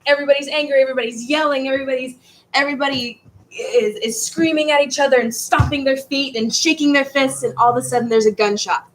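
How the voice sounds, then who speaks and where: A woman's voice: high voice, fast, poor audio. A woman teaching a history class in a casual, rambling way, stumbling over words and restarting.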